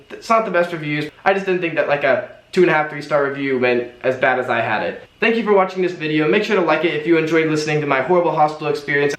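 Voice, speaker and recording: A young man telling a travel story to camera in an animated storytime vlog. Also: fairly high pitch. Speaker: travel vlogger. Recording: roomy echo.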